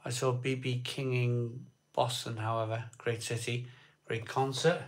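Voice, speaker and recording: A man's voice: medium pitch, flat delivery, unhurried, noisy background. A man chatting casually with viewers on a live beer stream, greeting people by name and rambling between topics. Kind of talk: casual chat reading live comments.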